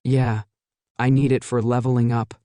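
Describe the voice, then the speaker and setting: A man's voice: mid-range voice, little pitch movement, normal speed, mellow, smooth, no echo, natural voice. A man voicing a confident, cheerful young male hero in a plain, easygoing way.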